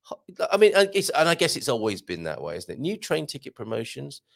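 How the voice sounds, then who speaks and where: A man's voice: mid-range voice, huge pitch swings, brisk, vocal fry, fairly bright tone. A man hosting a casual live show, reading out viewer comments and chatting, often interrupting himself and laughing at his own jokes.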